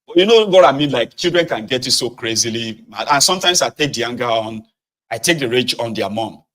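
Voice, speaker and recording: A man with a Nigerian accent speaking in a casual commentary monologue, telling an animated story that swings between loud outbursts and low muttering, with pidgin and Yoruba words mixed in. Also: brisk.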